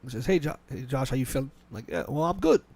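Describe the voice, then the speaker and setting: A man hosting a casual podcast, telling a work story quickly and animatedly, with many restarts and quoted back-and-forth dialogue. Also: mid-range voice, lively intonation, a little mellow. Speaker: podcast host. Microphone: podcast mic.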